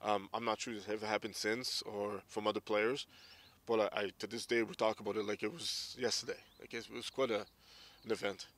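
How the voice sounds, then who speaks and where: A man's voice: fairly low pitch, flat delivery, fairly quick, a bit bright, dry recording. A man around forty, a former hockey player, candidly recounting his memories in an interview. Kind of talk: casual interview storytelling.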